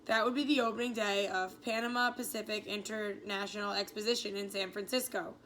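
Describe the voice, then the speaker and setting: A woman's voice: mid-range voice, fairly even intonation, fairly quick, fairly bright tone, a little hiss or hum, natural voice. An eager know-it-all girl, as a woman reads her. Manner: eager and gushing.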